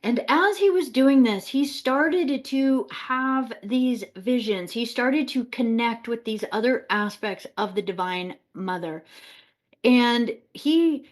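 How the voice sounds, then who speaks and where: Woman chatting through a spiritual tale, kinda high voice, animated, laughs a lot. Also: slow pace. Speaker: spiritual storyteller. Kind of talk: casual spiritual storytelling.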